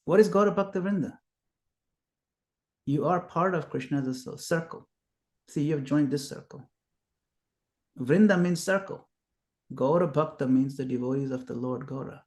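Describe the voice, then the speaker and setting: A man's voice: a little high, normal speed, long pauses, darkish tone. A man teaching a devotional class, patiently explaining terms and reassuring a student.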